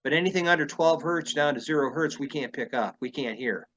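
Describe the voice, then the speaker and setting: Bright-voiced man explaining at length. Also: on the high side, fairly quick, highs cut off. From Illinois. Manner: explains at length, thinking aloud. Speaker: podcast host. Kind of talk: conversational interview.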